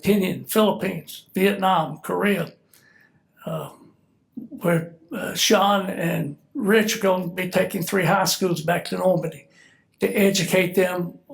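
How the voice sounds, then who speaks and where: A creaky, high-sitting voice belongs to an older Southern man from Georgia, US, once a military officer and now retired. A bit stuffed up, he gives a laid-back, joking speech at an event.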